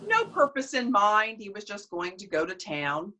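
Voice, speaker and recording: A woman storyteller telling family tales and folk tales in an expressive, animated way. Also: mid-range voice, normal speed. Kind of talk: storytelling performance.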